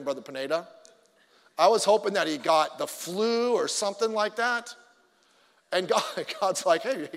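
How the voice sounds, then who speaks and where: A man's voice: very high-pitched, expressive, moderate pace, a bit bright. A middle-aged man preaching a sermon, telling stories animatedly with stammered restarts and acted-out voices. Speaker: pastor. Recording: long hall reverb.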